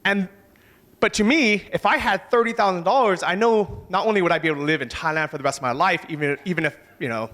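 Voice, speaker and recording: A man giving a motivational talk on a conference stage, casual and energetic, swearing now and then. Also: high-pitched, fast. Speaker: conference speaker.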